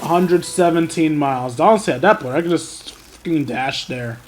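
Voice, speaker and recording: A man streaming a game, reacting loudly with swearing and laughter. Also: a little high, moderate pace, soft background music. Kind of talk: casual gameplay commentary.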